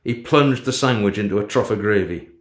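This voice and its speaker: A man narrating a story in the first person in a steady, low-key way. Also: a little fast, roomy sound. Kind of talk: storybook reading.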